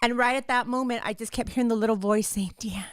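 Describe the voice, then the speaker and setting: With a fairly high, clear, resonant voice and fairly even intonation, a woman in her thirties speaks quickly while hosting a podcast. She recounts a personal story with intensity, saying "like" constantly and cursing freely, in a clean studio recording with no room sound.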